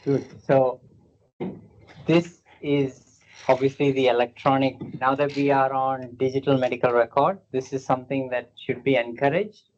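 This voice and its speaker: A man's voice: medium pitch, little pitch movement, moderate pace, lo-fi sound. A man teaching a workshop as a palliative care doctor, explaining step by step and asking the room questions.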